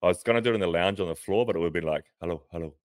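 Deep-voiced man in casual podcast chat. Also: rapid-fire, no echo, studio quality. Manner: rambling, laughs often. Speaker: podcast co-host, pro cyclist. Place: near-empty house, sitting on a bed.

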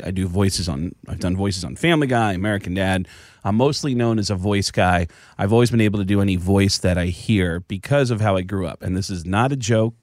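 Lively, fast-talking male comedian. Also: fairly low pitch, dry recording, clean studio sound. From the Bronx, New York. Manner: lively, fast, slips into voices mid-story. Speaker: comedian and voice actor guest. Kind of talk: animated storytelling chat.

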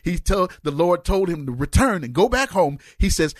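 Male pastor, husky and raised in pitch, lively fervent sermon delivery, dry close mic. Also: normal speed, no room sound. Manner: fervent preaching, rising to shouts and sung phrases. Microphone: close mic on a cord.

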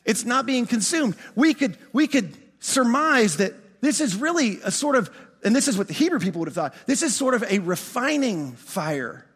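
A man preaching a sermon as pastor, animated, often restarting words and asking his congregation questions. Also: extremely high pitch, normal speed, husky, big-room sound.

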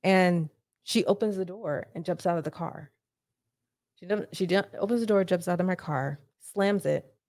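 A woman's voice: fairly low pitch, normal speed, a little mellow, dry recording, clean studio sound. A woman as a podcast guest, retelling a painful family story in a blunt, profane way with rising urgency. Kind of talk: emotional personal storytelling.

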